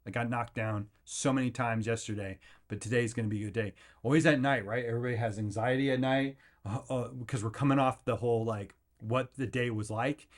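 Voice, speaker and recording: A man at a middle pitch rants through a motivational podcast episode, piling up "like" and restarts as he goes. He keeps jumping into quick voices to act out other people and life itself. The delivery is loose, earnest and energetic. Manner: energetic, rambling, acts out quotes in jumpy voices; filler-heavy, with frequent restarts. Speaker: podcast host. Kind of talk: motivational rant.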